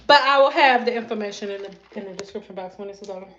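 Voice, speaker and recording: A woman's voice: mid-range voice, rapid-fire, fairly bright tone, reverberant, dull audio, slight background noise. A woman in her thirties, a hairstylist, ranting bluntly and sassily in a casual vlog, acting out chats with her clients, recorded in a bathroom. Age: 30s. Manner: sassy, blunt, acts out client exchanges. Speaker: hairstylist vlogger. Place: bathroom at home.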